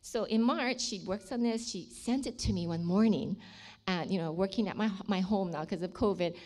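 A ministry leader gives an emotional testimony about her faith, her voice sometimes falling almost to a whisper at the dramatic moments. She speaks in a mid-range, slightly mellow tone at a normal pace.

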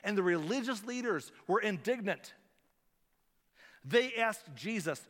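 A male pastor preaching a sermon, dynamic and shifting between hushed, gentle passages and loud, emphatic ones. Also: high-pitched, expressive, unhurried, pauses often, big-room sound.

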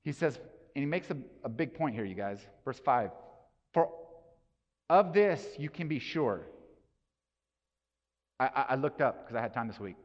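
A man's voice: mid-range voice, animated, normal speed, pauses often. A man preaching a sermon in a casual, conversational way, asking the congregation rhetorical questions. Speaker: pastor. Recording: dull sound with long hall reverb.

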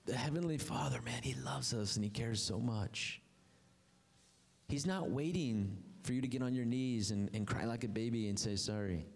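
Male pastor, sermon delivery, impassioned highs and hushed lows, reverberant church hall. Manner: impassioned, swings from high emphatic lines to low quiet ones.

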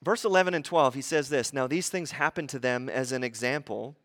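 A man in his thirties preaching a sermon, animated and acting out grumbling voices as he teaches. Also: medium pitch, a little fast. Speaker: pastor.

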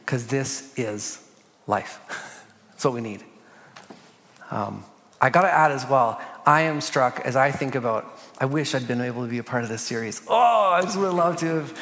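A man leading a church panel discussion, earnest, reading prayers slowly and softly. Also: mid-range voice. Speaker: pastor. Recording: long hall reverb.

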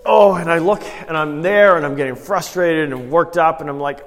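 A man with a fairly high voice preaches in a casual, story-driven way, often turning to his listeners with a question. His voice carries a long reverb tail from a church hall. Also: moderate pace, few pauses. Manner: conversational storytelling with rhetorical questions to the congregation. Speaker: pastor. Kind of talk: sermon.

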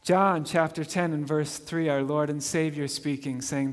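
A man's voice: a little high, steady tone, a little slow, in a large hall. A man preaching a sermon in an earnest way, asking the listeners questions as his voice rises and falls. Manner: earnest, swells and drops in volume, asks the listeners questions.

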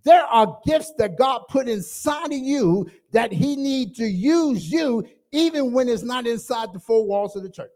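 Gravelly high-voiced preacher, shouting and hushed. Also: male voice, lively intonation, a little slow, hardly any pauses. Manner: preaching with call-and-response, swinging from loud shouting to low asides. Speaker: pastor. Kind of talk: sermon.

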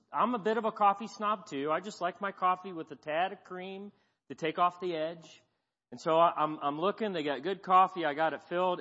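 Folksy fortyish pastor guy telling stories from the pulpit, kinda high voice, long church echo, dull sound. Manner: folksy, self-deprecating, animated when telling stories. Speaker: guest pastor. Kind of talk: sermon with storytelling. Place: church sanctuary.

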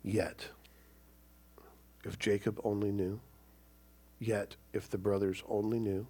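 A man's voice: fairly low pitch, darkish tone, husky. A male pastor preaching a sermon in a conversational way, often checking in with the listeners. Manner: conversational, keeps asking "right?".

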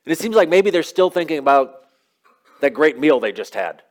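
Pastor, male, slightly high voice, relaxed conversational sermon delivery with chatty asides. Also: normal speed. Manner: conversational, storytelling preaching with casual asides.

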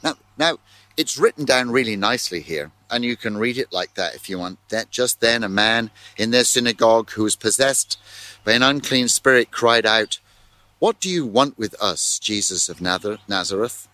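A man pastor preaching a sermon in an animated way, full of rhetorical questions and repeated words. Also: fairly low pitch, normal speed, dry recording.

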